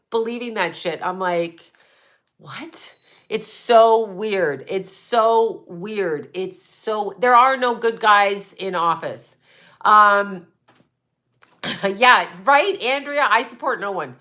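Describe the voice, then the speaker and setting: A woman's voice: medium pitch, pushed and bright. A woman hosting a psychic livestream, chatting casually and bluntly with viewers, rambling and often laughing. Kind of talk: casual live chat reading viewer comments.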